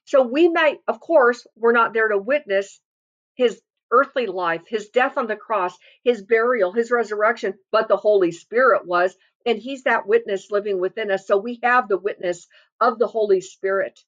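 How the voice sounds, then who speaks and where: A woman delivers a sermon in an earnest, emphatic way, leaning into each scripture quote. Her voice sits a little high. The recording is muffled and lo-fi. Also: normal speed, a bit bright. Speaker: preacher.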